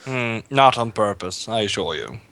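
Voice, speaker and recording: A young man with a Swedish accent answers interview questions in a low voice. He speaks in a measured way with a dry sense of humor. He sounds like a relaxed guest in casual conversation. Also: vocal fry, no room sound. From Sweden.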